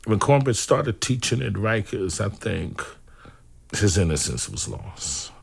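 A man reflecting in an interview, slow and searching for words with many pauses. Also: on the low side, very animated, gravelly, breathy edge.

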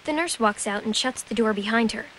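A woman reading a scripted audio description of a film in an even, measured manner. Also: a little high. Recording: narration over loud film noise.

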